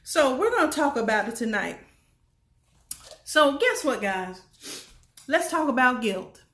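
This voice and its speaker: Brief: woman speaker, motivational talk, emphatic and folksy, fairly high voice, roomy echo. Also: sing-song, a little slow, a bit bright. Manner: emphatic and repetitive, folksy, asks the audience questions.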